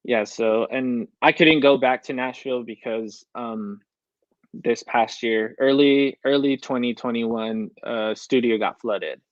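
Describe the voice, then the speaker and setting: A young man rambles through an interview story, replaying his own past reactions line by line. His middle-pitched voice sounds close and dry, with a slightly dull, lo-fi tone. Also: steady tone, measured pace, no room sound. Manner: storytelling, quoting himself with "I was like" often. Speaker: country recording artist, guest. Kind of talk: casual interview chat.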